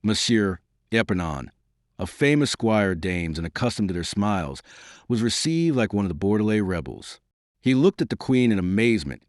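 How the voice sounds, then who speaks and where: In this scripted audiobook narration, a male reader tells a novel's story in a measured, expressive way. He speaks at a fairly low pitch, captured at studio quality with no echo.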